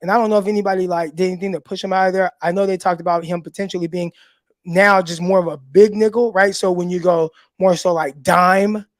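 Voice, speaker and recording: A man's voice: high-pitched, fairly even intonation, quick pace, no room sound. A man hosting a live sports call-in show, talking loosely with fillers and casual swearing. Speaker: sports podcast host.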